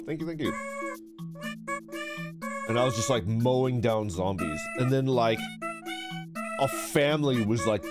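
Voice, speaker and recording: A man's voice: on the low side, animated, moderate pace. A young man chatting casually on a livestream, swearing freely and reading chat aloud. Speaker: streamer. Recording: background music.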